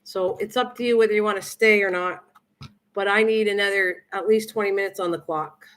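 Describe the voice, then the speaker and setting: An older woman hosts a relaxed cooking livestream from her own kitchen, rambling warmly as she chats and reads viewer comments aloud. Her mid-range voice is steady and fairly bright, and she talks a little quickly.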